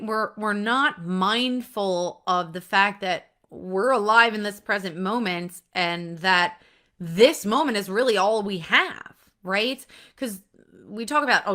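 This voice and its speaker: A woman's voice: a little high, bright, forceful tone. A woman in her thirties, hosting a casual solo talk, chatty and blunt, peppering her talk with "like" and "right?" and the odd swear word. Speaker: podcast host.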